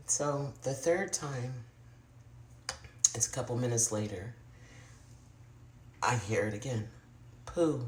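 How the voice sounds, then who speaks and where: An adult vlogger telling a personal paranormal story to camera in a confiding, casual way, often speaking straight to viewers and sometimes dropping to a hushed murmur. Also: medium pitch, lively intonation, slow, pauses often, reverberant, slight background noise.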